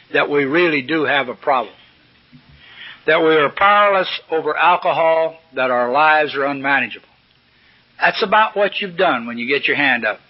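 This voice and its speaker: An older man gives a recovery-meeting talk in a folksy, plain-spoken storytelling manner with salty humor. His voice sits a little high for a man. The recording is dull and lo-fi, like an old tape. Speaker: AA speaker. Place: meeting room at a podium.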